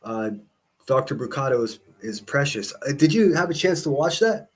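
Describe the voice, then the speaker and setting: A man's voice: mid-range voice, expressive, normal speed. A man, livestreaming in casual chat, rambling with profane jokes and asides.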